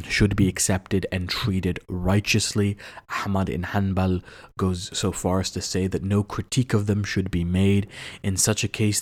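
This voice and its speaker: A man hosting an educational podcast, explaining history in a measured lecturing manner with occasional fillers and restarts. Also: lowish voice, a little mellow. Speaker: podcast host. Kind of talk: scripted-sounding lecture on history.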